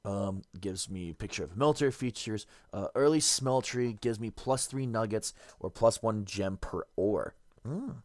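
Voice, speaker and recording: A man's voice: lowish voice, a little slow, a little mellow, dry recording, studio quality. A man streaming a game, casually thinking aloud and correcting himself as he reads and works things out. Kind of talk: casual gameplay commentary.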